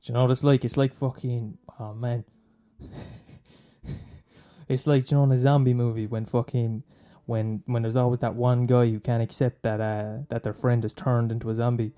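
Dark-voiced swearing young man. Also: medium pitch, flat delivery, normal speed. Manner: swearing, mocking, rambling. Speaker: comedian. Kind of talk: profane comic rant.

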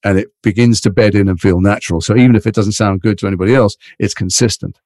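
A gravelly, fast-talking male English actor from Liverpool, with a voice on the low side, guests in a casual interview chat and tells rambling, animated stories. His mixed British accent carries mild Liverpool and London traces. Studio quality, no room sound.

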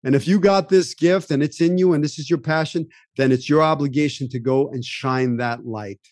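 A man's voice: fairly high pitch, moderate pace, a little mellow, no room sound, studio quality. A man hosting a podcast, giving an emphatic, preachy pep talk straight to the listener. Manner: speaks to listener directly. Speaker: podcast host and acting coach.

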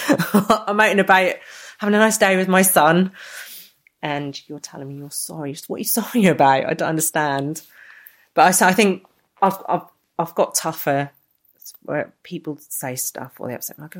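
A woman's voice: low-pitched, normal speed. A mother chatting casually about her son, often laughing and acting out what other people said. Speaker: interviewee, mother. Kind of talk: casual chat.

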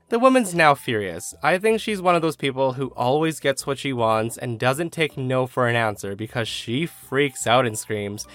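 Brief: male storyteller, expressive pitch, dry mic, soft backing music. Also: moderate pace, few pauses, dry recording. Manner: animated storytelling, casual asides. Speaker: story narrator. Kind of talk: scripted narration of reader stories.

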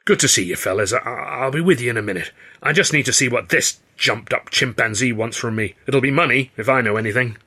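A man doing a gruff, boastful vaudeville boss. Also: medium pitch, fast, bright, forceful tone. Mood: brusque. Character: burly gruff male vaudeville entrepreneur, blustering and boastful.

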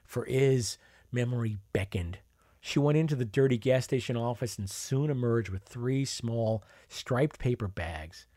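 A man's voice: medium pitch, measured pace, dark tone, dry recording, studio quality. A man narrating a memoir in a wry, conversational storytelling manner. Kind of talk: memoir reading.

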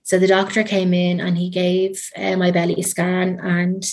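An Irish woman speaks in a slightly low voice, guesting on an interview. She recounts a personal story in a loose, chatty way. Her talk is full of ums, likes and trailing fillers. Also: monotone, moderate pace, a little mellow.

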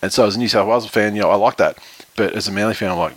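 A man talks football in a quick, rambling, casual way, swearing freely and laughing often. His voice sits a touch low. This is loose podcast banter. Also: husky, dry recording. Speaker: podcast co-host. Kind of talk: casual sports chat.

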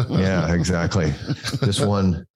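A man's voice: low voice, animated, slow, a little mellow, slightly rough. A man in his fifties with an American accent, a guest telling rambling, self-deprecating stories in a casual podcast chat. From United States. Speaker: guest singer.

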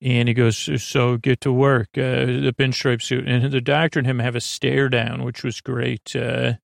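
A man's voice: mid-range voice, level tone, normal speed, vocal fry, no room sound. A man hosting a sleep podcast, loosely retelling an episode with lots of filler and restarts. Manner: meandering, many filler ums and restarts. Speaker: podcast host. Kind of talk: rambling episode recap for sleep.

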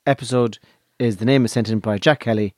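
A man co-hosting a podcast, quick and teasing in casual chat, often stammering. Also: mid-range voice, steady tone, dry recording, studio quality. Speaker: podcast co-host.

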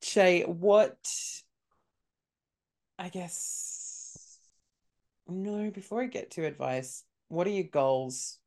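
A man's voice: sits high, lively intonation, very slow, long pauses, a little mellow. A man hosting a casual interview, who asks his guest questions in a friendly, sympathetic way. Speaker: interview host.

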